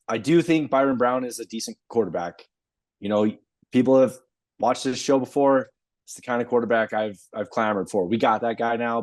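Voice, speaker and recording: A man's voice: lowish voice, a little mellow, no echo. Teasing man co-hosting a sports podcast. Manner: laughs often, teasing. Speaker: podcast co-host. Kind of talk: casual sports chat.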